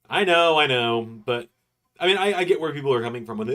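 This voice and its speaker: A man hosting a live stream, chatting casually with quick, joking asides as he reacts. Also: mid-range voice, animated, a bit bright. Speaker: streamer host.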